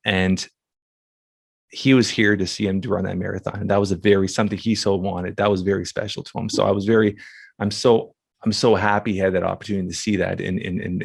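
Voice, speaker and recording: Low-voiced male podcast host, halting. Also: little pitch movement, vocal fry, slightly rough, no room sound. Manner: halting, emotional, many restarts. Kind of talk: casual conversation.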